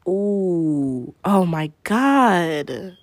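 Her voice sits in the mid-range, captured at studio quality with no echo. She's the host of a laid-back solo podcast, talking openly and thoughtfully, with plenty of swearing and a slangy drawl.

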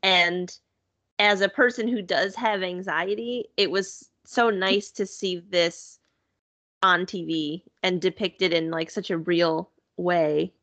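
A woman's voice: lowish voice, steady tone, slow pace, fairly bright tone, dry recording. A woman in casual conversation, chatty and upbeat, filling her talk with "like" and "you know". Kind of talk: casual chat.

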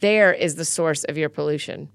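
A woman reading the words of Jesus as a blunt, commanding male teacher, in her own low voice. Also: normal speed, gravelly, clear, resonant tone, dry recording. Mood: stern.

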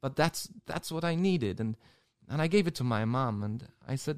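A priest telling his own story in an interview, emotional and halting, often repeating words. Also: medium pitch, expressive, smooth, no room sound, studio quality. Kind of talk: personal testimony in an interview.

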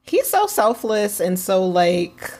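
A woman co-hosting a casual podcast, relaxed and laughing often as she hunts for the right word. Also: mid-range voice, takes it slowly. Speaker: podcast co-host. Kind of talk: casual chat.

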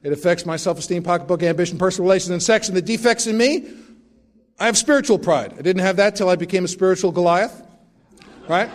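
A man's voice: high voice, fast talker. A middle-aged man sharing his recovery story at a meeting, with wry, self-mocking humor.

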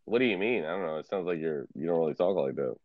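A man's voice: low-pitched, expressive, fast talker, no echo, narrow, tinny audio. A man streaming in a casual video chat, laid-back and teasing, swearing freely. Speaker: streamer and tarot card reader.

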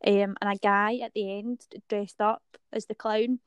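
A woman's voice: mid-range voice, little pitch movement, unhurried, clear, resonant tone, no echo, clean studio sound. A woman chatting casually, rambling with lots of fillers and the odd swear word. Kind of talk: casual chat.

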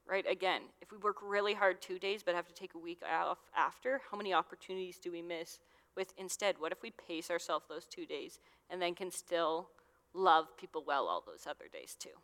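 Here a young adult woman preaches to youth as their minister, keeping it conversational and heavy on fillers. She sounds a bit bright with a lowish pitch, moves at a fairly quick clip, and a long hall reverb surrounds her.

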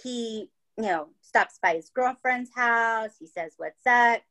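Her voice sits on the high side, pushed and bright, and she takes things slowly over a rough recording. This podcast host spins a true-crime story in a casual, gabby manner, swearing freely and regularly asking "right?" and "okay?".

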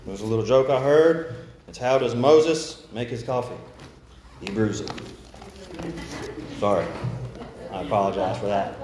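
Halting young preacher in an echoey church. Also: male voice, lowish voice, noisy background. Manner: halting, many restarts and fillers; slow measured scripture reading. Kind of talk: sermon. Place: church sanctuary.

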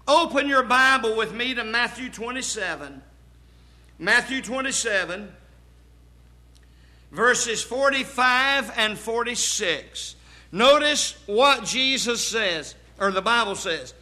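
A pastor delivers a sermon in a remarkably high, bright voice. He moves slowly and emphatically, stretching out each phrase before erupting into sudden shouts.

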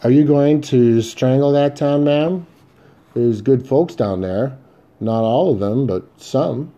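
A man's voice: mid-range voice, slow, mellow, lo-fi sound, natural voice. A man voicing John Blake, an earnest Western marshal. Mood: pleading. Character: town marshal, grown man, guarded and earnest.

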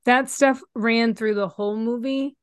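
A woman's voice: a little high, steady tone, measured pace, no echo, clean studio sound. A middle-aged woman co-hosting a podcast, chatting animatedly about a film and often trailing off and restarting. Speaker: podcast co-host. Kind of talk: casual chat reviewing a film.

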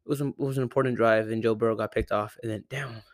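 A man's voice: on the low side, steady tone, fast talker, no room sound, clean studio sound. A young man from Arizona rambling through a casual, profane sports rant at home, often correcting himself. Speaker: sports podcaster. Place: home room with a cat. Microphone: close desk mic.

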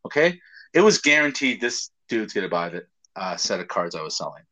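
A man's voice: lowish voice, big pitch swings, a little fast, sharp tone. A man in casual chat, telling stories animatedly, acting out quotes and swearing often.

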